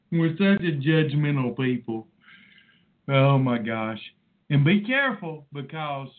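A man in his forties rambles through a personal monologue as host, emotional and preachy. He speaks slowly in a slightly high voice. The sound is thin and tinny, like a phone line. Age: 40s.

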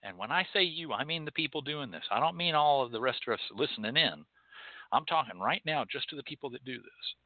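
A man's voice: medium pitch, animated, fairly quick, dry recording. A man hosts a show and delivers an angry, profane, scolding monologue. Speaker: host of a hoodoo and rootwork show. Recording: tinny phone-like line, dry.

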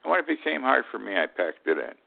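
Over a tinny, phone-like line from Key West, an eighty-something host delivers political commentary in a mid-range voice that's very animated and fast, with vocal fry. He comes across as blunt and indignant and frequently repeats himself.

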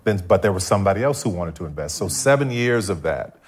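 A man giving a personal testimony as a guest before a live audience, telling his story with animated, acted-out dialogue. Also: sits low, fast talker. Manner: animated, acts out his past self in dialogue. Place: stage in front of a live audience.

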